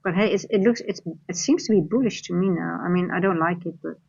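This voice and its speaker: A woman's voice: on the low side, fast talker, gravelly, a little mellow, slightly rough, dull audio. A woman from the Netherlands, a Dutch speaker, coaching on a live trading stream. She rambles, restarts her sentences and reads the chat aloud as she goes.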